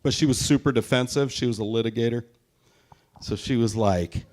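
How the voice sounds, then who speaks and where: A man's voice: mid-range voice, normal speed, darkish tone. Crude self-mocking stand-up comic man. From Tacoma, Washington, US. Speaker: stand-up comedian. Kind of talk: live stand-up set. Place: live show at a brewery.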